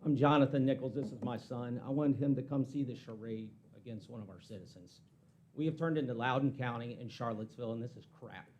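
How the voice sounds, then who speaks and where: A man's voice: medium pitch, a little hiss or hum. A man giving a heated, blunt public comment at a county meeting. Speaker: citizen speaking at public comment. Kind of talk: angry public comment speech.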